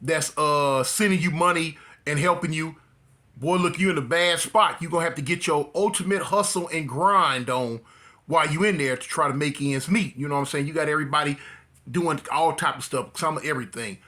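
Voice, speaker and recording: A man's voice: fairly high pitch, fairly quick, bright, forceful tone. A man telling a prison story casually to his viewers, breaking into laughter often and using loose slang. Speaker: storyteller vlogger.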